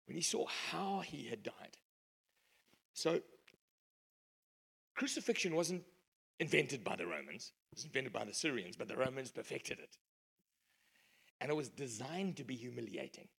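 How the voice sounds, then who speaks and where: A man preaching a sermon, emphatic storytelling that swings between loud and hushed. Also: mid-range voice, animated, moderate pace, gravelly, pauses often, breathy edge.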